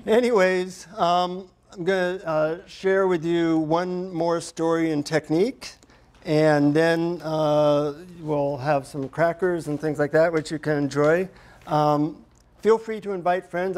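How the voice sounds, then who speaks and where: A man's voice: on the high side, darkish tone. A man giving a talk to a live group as a workshop speaker, telling stories in a humorous, chatty way with plenty of fillers.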